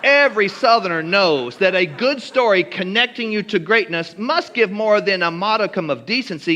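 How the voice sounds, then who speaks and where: A man's voice: sits high, pushed and bright, long reverb tail. A man from Kentucky giving a humorous storytelling talk with dry, mock-genteel wit and ornate wording. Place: church hall.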